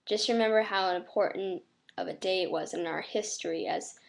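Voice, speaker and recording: An American teenage girl speaking earnestly and reflectively to camera, with many fillers and a flat, monotone delivery. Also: mid-range voice, moderate pace, vocal fry. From United States. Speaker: vlogger.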